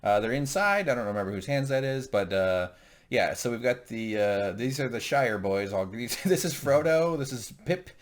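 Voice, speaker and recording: A man's voice: mid-range voice, animated, moderate pace. A man co-hosting a casual show recap, joking and rambling with lots of fillers. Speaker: podcast co-host.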